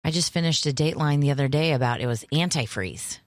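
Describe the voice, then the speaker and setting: A woman's voice: sits low, fast talker, dry recording, studio quality. A middle-aged woman co-hosting a radio show, chatting casually in an upbeat, plain-spoken way. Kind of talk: casual banter.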